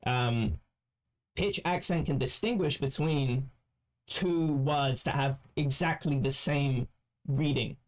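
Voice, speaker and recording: A man giving casual commentary as a streamer, rambling and halting with many restarts. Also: medium pitch. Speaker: streamer reacting to clips.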